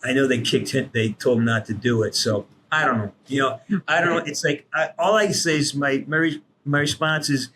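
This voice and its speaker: A man, a guest voice actor, telling stories on a podcast in an animated way, swearing freely and acting out what people said. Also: mid-range voice, brisk, hardly any pauses, background noise. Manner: animated, swears freely, acts out quoted lines. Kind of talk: casual podcast storytelling.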